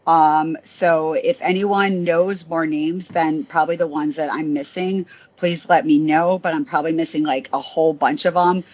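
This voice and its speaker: A woman's voice: deep voice, fairly even intonation, normal speed, hardly any pauses, darkish tone, dull audio. A woman talking as a guest in a casual interview, rambling with lots of fillers and poking fun at herself. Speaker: guest, DJ and audio industry worker.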